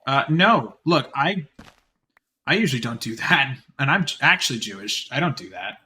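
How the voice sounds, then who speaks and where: A man's voice: mid-range voice, expressive, bright, forceful tone. A man streaming live, reading an article aloud and breaking off for casual, chatty asides. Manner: quick chatty reading with many fillers and restarts.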